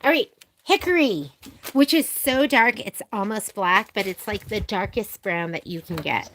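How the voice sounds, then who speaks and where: A woman's voice: medium pitch, animated, measured pace, fairly bright tone, slight background noise. A middle-aged woman hosting a sewing tutorial vlog, chatting away with rambling, gushing stories full of fillers. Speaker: sewing shop video host. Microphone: camera on a filming arm.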